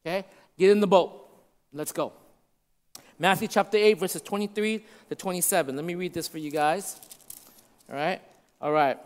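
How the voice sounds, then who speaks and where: High-voiced preacher in a reverberant hall. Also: male voice, moderate pace, long pauses. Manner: conversational preaching with checks like "right?"; shifts from loud to hushed for emphasis. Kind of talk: sermon.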